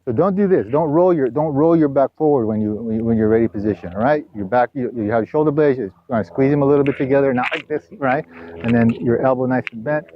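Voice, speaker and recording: Speaking quickly at a medium pitch, a man gives a tennis student straightforward directions, often asking "all right?" or "okay?" and occasionally poking fun at them. There's slight background noise, and the camera audio sounds dull and lo-fi.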